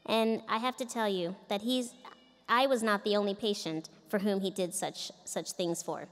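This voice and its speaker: A middle-aged woman speaks earnestly from a podium at a commencement ceremony. Her voice sits in an ordinary middle pitch. She tells her story through a microphone in a large indoor events arena, with a long reverb trailing each phrase. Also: steady tone, normal speed, soft background music. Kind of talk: commencement speech. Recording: echoey arena from a distance.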